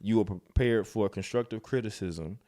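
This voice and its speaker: A man in his thirties co-hosting a podcast, chatting casually and telling stories with lively acted-out quotes. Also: lowish voice, moderate pace. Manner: animated storyteller, acts out voices. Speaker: podcast co-host. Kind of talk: casual chat.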